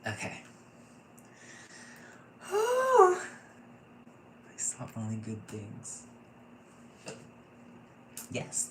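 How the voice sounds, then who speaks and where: A man in his thirties teaching a casual online intuition class, gushing and excitable and often laughing. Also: on the low side. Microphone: computer mic, off camera. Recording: echoey room with faint noise.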